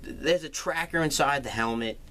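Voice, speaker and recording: A man's voice: fairly high pitch, normal speed, bright, forceful tone, slight background noise. A man recapping a film's plot in a casual, sarcastic way, swearing freely as he goes. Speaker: movie reviewer.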